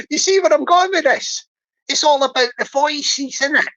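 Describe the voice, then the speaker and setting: A woman's voice: high voice, normal speed, fairly bright tone. A woman hosting a livestream in a chatty, giggly and playful way. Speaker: livestream host. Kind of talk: casual livestream chat. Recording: dull lo-fi stream audio.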